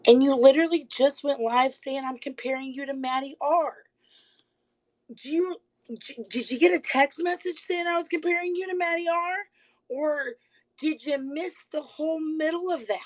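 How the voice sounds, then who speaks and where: Woman streamer, a little high, on a phone mic; confrontational rant delivered in quick bursts, keeps saying she isn't angry. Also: poor audio. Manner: confrontational, repeated pointed rhetorical questions; rapid bursts, insists she is calm. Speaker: live streamer. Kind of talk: livestream call-out rant.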